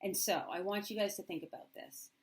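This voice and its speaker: A woman's voice: mid-range voice, fairly even intonation, brisk. A teacher speaking straight to camera, telling a personal story with candid feeling and acting out remembered dialogue in her own voice. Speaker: middle school teacher.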